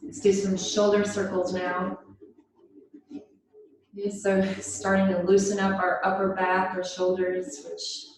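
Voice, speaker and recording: A woman leading a yoga class over a video call, guiding slowly and gently through breathing and stretches. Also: mid-range voice, completely flat delivery, a little hiss or hum. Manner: slow, gentle, soothing guidance. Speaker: yoga instructor. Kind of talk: guided yoga class instruction. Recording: echoey room, voice from far off.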